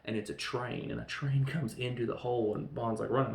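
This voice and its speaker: A man with a gravelly, creaky voice recaps a film in a loose, chatty way, briefly acting out lines of dialogue as he talks. He sounds like he is recording in a roomy, echoey space with a faint hum of ambience behind him. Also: medium pitch. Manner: animated retelling with quick acted-out quotes. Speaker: podcast host reviewing films.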